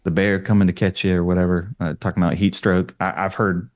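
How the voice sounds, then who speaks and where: A man guesting on a casual film podcast. He shares his opinions in an easy, relaxed way. His voice sits very low. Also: quick pace.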